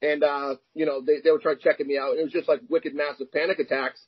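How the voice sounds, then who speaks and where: A man in his younger years, speaking in a fairly high, husky voice that sounds dull and lo-fi. He tells candid stories as an interview guest and slips into the voices of the people in them. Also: fast. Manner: animated, acts out quoted dialogue. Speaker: interview guest, arm wrestler. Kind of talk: candid personal storytelling.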